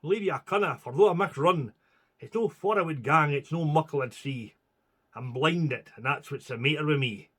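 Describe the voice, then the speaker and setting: Man putting on a blind scots soldier, gruff and loyal, blunt thick dialect. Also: fairly high pitch, moderate pace, fairly bright tone. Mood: grim.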